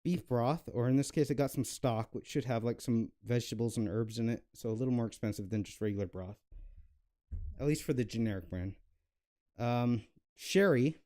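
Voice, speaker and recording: Mellow and mid-range, this young man's voice moves at a moderate pace. As a cooking channel host, he chats casually through a cooking vlog, rambling with lots of fillers and poking fun at himself.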